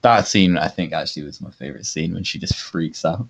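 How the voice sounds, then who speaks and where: Deep-voiced man, blunt and jokey. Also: brisk, creaky. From England. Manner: blunt, jokey, says "mate" and "like". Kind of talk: casual chat. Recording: slightly dull lo-fi sound with faint noise.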